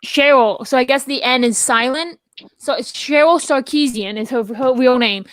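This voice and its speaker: A woman co-hosting a casual talk show, telling stories in a rambling, animated way full of restarts. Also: high-pitched, moderate pace, dry recording. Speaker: podcast co-host. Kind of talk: casual chat.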